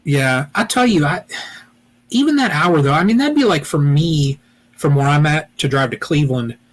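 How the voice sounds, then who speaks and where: A man's voice: a little high, expressive, normal speed. A man from Ohio hosting a weekly beekeeping live chat, rambling casually with lots of "you know" and restarts.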